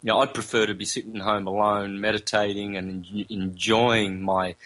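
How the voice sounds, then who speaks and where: As an interview guest, a man with a fairly low voice explains things in a relaxed, rambling manner, circling back to repeat phrases. He slows to sound out single vowels and drops in casual fillers and self-corrections. The audio quality is poor.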